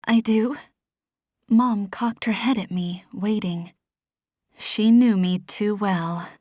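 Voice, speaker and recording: A woman narrating a first-person fantasy novel in a soft, hushed, measured voice. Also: mid-range voice, dry recording, studio quality. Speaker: audiobook narrator.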